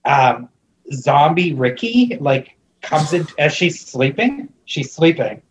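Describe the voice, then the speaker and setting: A man's voice: a little high, very animated, takes it slowly, slight background noise, poor audio. A man recapping a movie in casual chat, rambling with lots of fillers and restarts, amused and disbelieving. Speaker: podcast co-host recapping a movie.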